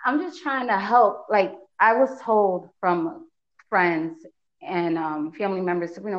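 A woman's voice: medium pitch, unhurried. Upbeat woman podcast host, slightly dull sound. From Bridgeport, Connecticut. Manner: upbeat, warmly encouraging. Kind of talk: casual podcast interview.

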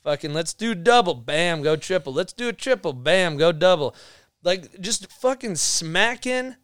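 A man's voice: high voice, animated, measured pace, fairly bright tone, smooth, no echo, studio quality. A young man, a podcast guest, telling rambling stories in casual chat, swearing a lot and laughing as he goes. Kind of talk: casual storytelling.

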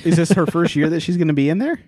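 A man's voice: on the high side, animated, fast talker, mellow, no room sound, clean studio sound. A man chatting casually as a co-host, easygoing and laughing often. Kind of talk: casual chat.

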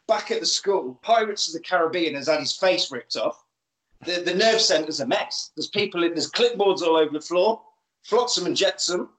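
Animated man, echoey room. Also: high voice. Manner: animated, acts out lines in quick put-on voices. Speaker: podcast co-host. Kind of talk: casual chat, retelling a film.

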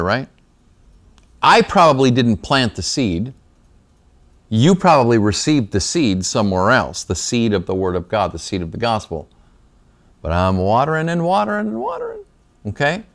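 A man teaching a Bible study class in a small room, talking conversationally with a slight lisp from retainers and often checking in with the class. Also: mid-range voice.

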